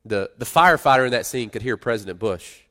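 A middle-aged man preaching a sermon in a conversational way, rising to loud emphasis and dropping to quiet asides. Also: medium pitch, animated, fast. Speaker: pastor.

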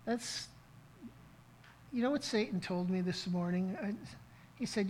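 A man's voice: sits high, measured pace, long pauses, darkish tone, slight background noise, poor audio. A middle-aged man preaching a sermon as pastor, telling a story in an earnest way, with frequent restarts. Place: church service.

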